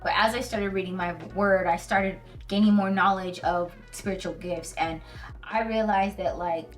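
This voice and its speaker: Woman vlogger, casual slangy Bible talk, earnest and emotional, distant mic, faint music under. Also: mid-range voice. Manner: animated, slangy storytelling. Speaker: Christian video host.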